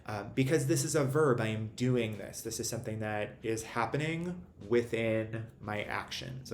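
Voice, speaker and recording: A man giving a recorded lesson, explaining things in a measured, methodical way. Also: on the low side. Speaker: literacy instructor. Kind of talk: recorded lecture. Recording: roomy echo, faint ambient noise.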